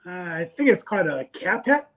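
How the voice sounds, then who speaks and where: A man's voice: high-pitched, big pitch swings, moderate pace, dull audio, crowd noise. A man calling in to a casual show over a video call, easygoing and laid-back. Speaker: caller.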